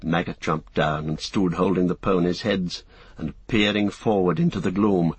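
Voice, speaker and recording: A man narrating a fantasy novel as a scripted audiobook, in a measured, even storytelling manner. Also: low-pitched, slightly rough, no room sound.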